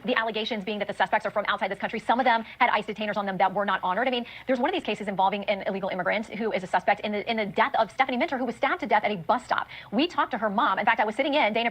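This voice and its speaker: A woman TV news anchor, answering in a brisk, informative way during a television interview. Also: medium pitch, slightly rough.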